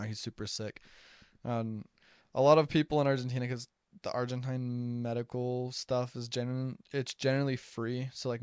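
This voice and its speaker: A young American man tells stories casually on a podcast, chatty and full of fillers, especially "like." His mid-range voice is a little mellow and clean, recorded dry on a close podcast mic with clean studio sound.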